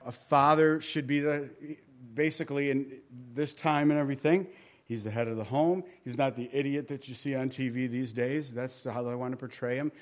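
A man of ordinary pitch gives an informal, conversational sermon from scripture. He leans on repeated phrases for emphasis and lets his voice fall low and quiet as a thought ends. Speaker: pastor. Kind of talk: conversational Bible teaching sermon.

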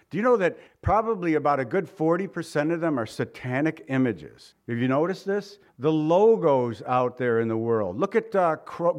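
A middle-aged man preaching a sermon in a casual, conversational way, joking and chuckling between points. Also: on the high side. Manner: informal and joking, with chuckles and asides. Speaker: pastor.

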